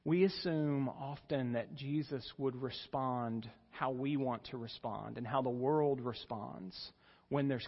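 A man preaching a sermon as pastor, earnest and rising in pitch and volume when he stresses a point. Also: long reverb tail, dull audio. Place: church sanctuary.

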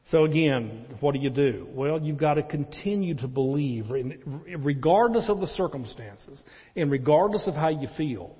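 Man preaching, husky voice, long church reverb, swings loud and quiet. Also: highs cut off. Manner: swings from loud emphatic peaks to low quiet stretches. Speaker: pastor. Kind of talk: sermon. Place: church sanctuary.

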